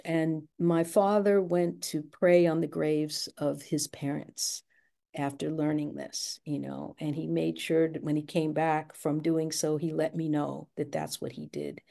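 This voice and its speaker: A woman's voice: deep voice, vocal fry, mellow. An older woman candidly recounting her family's past in an interview, reflective and speaking in her own words. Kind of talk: personal storytelling interview.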